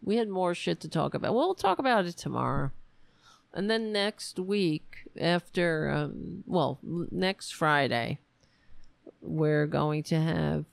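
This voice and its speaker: Gravelly, frustrated woman hosting a home stream. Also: low voice, no room sound. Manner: frustrated, swearing, rambling with sighs. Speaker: show host. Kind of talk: casual livestream chat. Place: home room.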